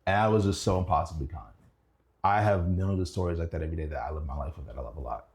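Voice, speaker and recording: A young man telling stories in a casual chat, animated and laughing, his voice jumping up when excited. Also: rapid-fire. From Indianapolis. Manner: animated, laughing storyteller who rises high in pitch when excited. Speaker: guest. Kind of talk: casual storytelling.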